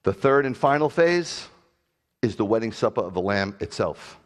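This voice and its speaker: A middle-aged man preaching a sermon as pastor, animated and jokey, with sudden loud bursts. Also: fairly low pitch, normal speed.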